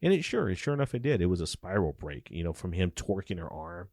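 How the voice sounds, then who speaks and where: Deep-voiced ex-cop telling profane stories. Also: male voice, fairly quick, vocal fry, no room sound, studio quality. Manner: animated, profane storyteller acting out dialogue. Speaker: former police officer. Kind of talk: casual storytelling interview.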